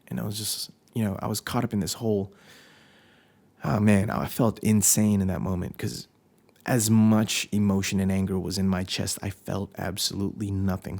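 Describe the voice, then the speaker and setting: A man's voice: deep voice, creaky, a little mellow. A young man hosting a podcast, telling a personal story in a candid, confessional way, swearing often and breaking off his own sentences. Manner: candid, profane, confessional, with self-interruptions. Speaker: podcast host.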